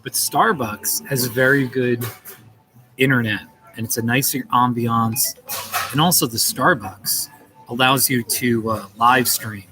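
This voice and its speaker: A man's voice: mid-range voice, a little slow, over music, rough recording. A man chatting casually on a live stream from a coffee shop, greeting viewers by name in a playful, chuckling way.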